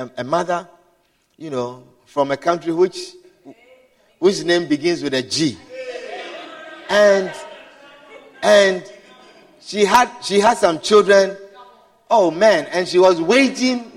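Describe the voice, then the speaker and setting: A man preaching a sermon, swinging from hushed storytelling to shouted exclamations, repeating words and adding hallelujah and amen. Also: high-pitched, unhurried, long pauses. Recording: long hall reverb.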